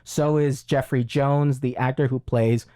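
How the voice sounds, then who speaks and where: A man's voice: medium pitch, steady tone, measured pace, warm tone. A man co-hosting a casual film review podcast, talking in long rambling runs with many fillers and restarts. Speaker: podcast co-host.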